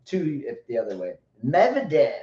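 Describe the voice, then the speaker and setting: A man's voice: medium pitch, huge pitch swings, moderate pace, dark tone. A man co-hosting a live tennis chat show, talking loosely and with plenty of profanity, hyping up the chat. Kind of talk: casual live-stream chat. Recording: roomy, dull lo-fi live-stream audio.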